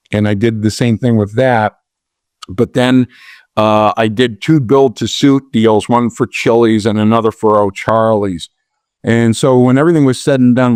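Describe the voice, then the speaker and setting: A man's voice: lowish voice, clear, resonant tone, dry recording. Middle-aged male guest, conversational storyteller, plays out the dialogue himself, dry studio sound. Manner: animated storyteller, acts out dialogue with a raised voice, many restarts. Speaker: podcast guest, real estate investor. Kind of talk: storytelling in a podcast interview.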